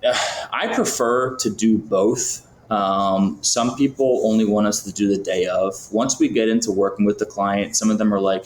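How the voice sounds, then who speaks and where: A man's voice: on the low side, fairly even intonation, moderate pace, few pauses, a little hiss or hum. A man from Florida, a podcast guest talking casually with lots of fillers and acting out sample phone calls. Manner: chatty, many fillers, acts out phone calls. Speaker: podcast guest, business founder. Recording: roomy, faint background ambience.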